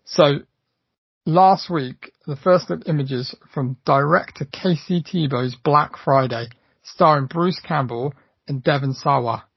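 A man's voice: a little high, slow, gravelly, slightly rough, no echo, dull audio. A man co-hosting a casual podcast, talking with enthusiasm and plenty of fillers and restarts. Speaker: podcast co-host.

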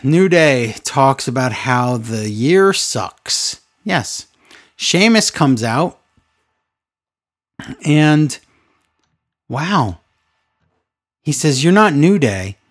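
Sarcastic man with a lively, swooping voice. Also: medium pitch, extremely slow, long pauses. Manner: sarcastic, exasperated ranting. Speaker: podcast co-host recapping wrestling. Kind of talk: casual chat.

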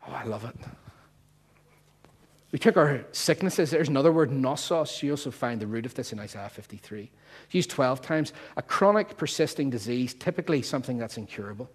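A man's voice: medium pitch, very animated, a little fast, slightly rough. A man preaching a sermon, emphatic and playful as he explains word meanings to his congregation.

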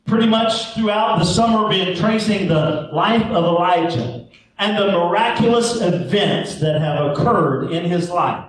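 A male pastor preaching a sermon, leading the congregation in call-and-response. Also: high-pitched. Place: church sanctuary. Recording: echoey church sound from far off.

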